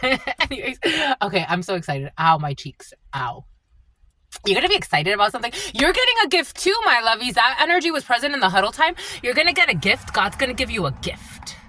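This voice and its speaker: A woman doing a live spiritual channeling reading, at times gushing and laughing, at times dropping into low, prayerful thanks. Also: fast, a little hiss or hum. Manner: animated, laughs often, shifts between gushing and low prayerful tones.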